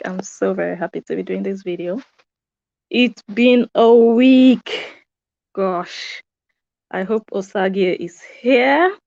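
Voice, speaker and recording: A woman's voice: medium pitch, vocal fry, darkish tone, dry recording, dull audio. A woman hosting a live stream from a room upstairs at home, chatting casually and greeting her viewers by name. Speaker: YouTube host.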